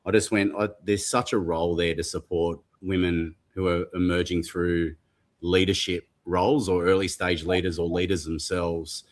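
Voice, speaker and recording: A man's voice: low voice, flat delivery, normal speed. A man hosting an interview, asking questions in a reflective, conversational way. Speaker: host.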